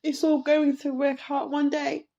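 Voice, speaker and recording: A woman hosting a podcast, talking slowly and reflectively in an emotional personal monologue, close to tears and repeating herself as she searches for words. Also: high-pitched, level tone, mellow, lo-fi sound. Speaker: podcast host.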